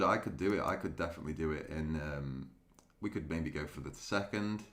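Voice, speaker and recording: A man's voice: low-pitched, a bit bright, reverberant. A man chatting casually with viewers on a live stream, laughing often and restarting his sentences. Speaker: day trading streamer.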